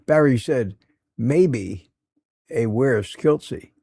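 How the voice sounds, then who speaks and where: Male morning stream host, gravelly and unhurried, folksy and chatty, greets viewers by name, dry close sound. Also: mid-range voice, lively intonation, dark tone, no echo. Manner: folksy and affectionate, laughs often. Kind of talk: casual live stream chat, reading viewer comments aloud.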